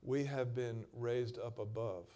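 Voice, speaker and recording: A man preaching a sermon, reading scripture aloud in a dramatic way and moving between loud stretches and quiet emphasis. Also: medium pitch, fairly even intonation, a little slow.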